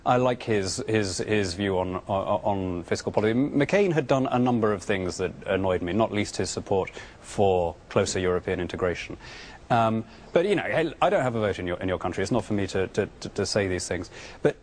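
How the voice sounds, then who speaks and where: A man's voice: lowish voice, a little hiss or hum. A British man as a politician guest on a TV interview, arguing his views earnestly and often stammering through restarts. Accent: British English. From Britain. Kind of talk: remote TV interview answers.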